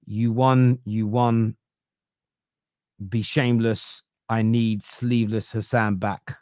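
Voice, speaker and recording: A man's voice: fairly low pitch, flat delivery, slow, a little mellow, clear, resonant tone, no room sound, clean studio sound. A man with a Southern English accent hosting a football podcast, arguing his points at length in casual debate. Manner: argumentative, explains at length.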